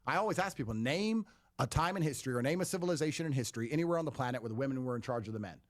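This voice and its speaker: A man's voice: mid-range voice, animated, racing. A man speaking as a podcast guest in a blunt, combative way, with a lot of swearing. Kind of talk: podcast talk.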